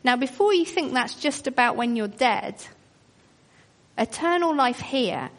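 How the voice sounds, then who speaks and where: A woman's voice: high-pitched, animated, measured pace. A woman preaching a sermon, earnest and questioning, telling it like a story. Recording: long reverb of a large hall.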